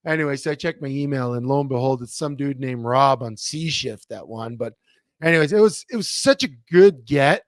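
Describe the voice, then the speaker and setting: A man's voice: medium pitch, fairly quick, dry recording, studio quality. A man co-hosting a casual sports talk show, telling stories with lots of fillers and restarts over a remote computer mic. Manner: animated storyteller, many fillers and restarts. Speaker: co-host.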